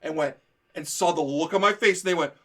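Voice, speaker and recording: A man co-hosting a stream, telling stories in a casual chat, animated, often laughing and acting out what people said. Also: on the high side, a little fast. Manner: animated storyteller, laughs often, acts out quotes. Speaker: stream co-host.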